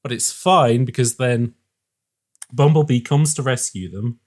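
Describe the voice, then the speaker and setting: A man's voice: mid-range voice, unhurried. A man co-hosting a casual film podcast, swearing freely and often correcting himself. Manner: animated, swearing, self-correcting. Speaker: podcast co-host.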